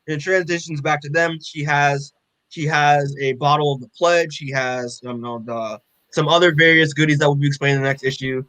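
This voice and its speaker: On a podcast, a co-host gives a rambling, filler-heavy, profane recap of a comic in casual chat. His voice is on the high side and fairly bright, with a steady tone and a moderate pace. There's no room sound, and the audio is poor.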